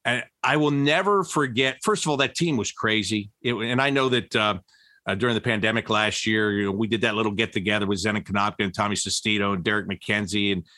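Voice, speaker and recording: A middle-aged man, a former broadcaster, telling stories in a casual interview, with many restarts and pitch that jumps up when he gets excited. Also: fast talker, no echo, clean studio sound.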